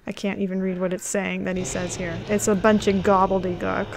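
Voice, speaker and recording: A woman streams a game live and reads its text aloud, breaking off into excited gasps and laughs. Her voice sits at a middle pitch. A faint hum of room ambience runs underneath. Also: fairly quick, vocal fry.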